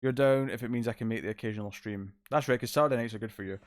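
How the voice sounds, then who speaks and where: A man hosts a casual livestream from the couch in his home living room, talking rapid-fire in a medium-pitched voice. Laid-back and rambling, he reads chat messages aloud. The audio is studio quality with no echo, though the mic is distant and he moves out of frame.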